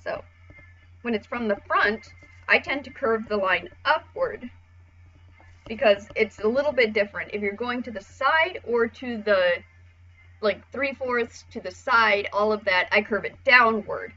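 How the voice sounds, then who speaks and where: A woman casually explaining how to draw expressions, chatty and relaxed, with the odd swear. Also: a little high, unhurried, dull audio, faint music behind. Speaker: art tutorial host. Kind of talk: casual drawing tutorial.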